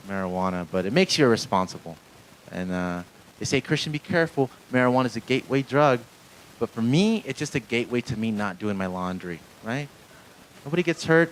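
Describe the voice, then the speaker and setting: A Mexican-American-raised comedian is live on a small comedy club stage, rambling, putting himself down, swearing frequently and bantering with the crowd. His voice is on the low side, and the rough recording has slight background noise.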